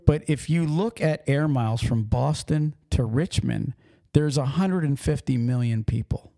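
Pennsylvania trucker host, gravelly and mellow, lively story-driven podcast chat. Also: male voice, mid-range voice, a little slow. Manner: animated storytelling, acts out accents.

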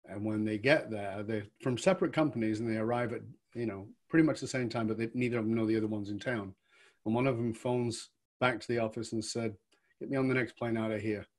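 A man hosting an interview, telling an anecdote and asking questions in a lively conversational way. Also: lowish voice, fast. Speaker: podcast host, interviewer.

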